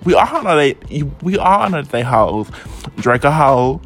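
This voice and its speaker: A woman hosts a gossip vlog in a bouncy, animated voice that rises and falls a lot. She talks at an unhurried pace, full of profanity and sass, and stretches out her repeats for emphasis. Soft music plays faintly behind her. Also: low-pitched. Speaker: vlog host. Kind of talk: casual celebrity gossip rant.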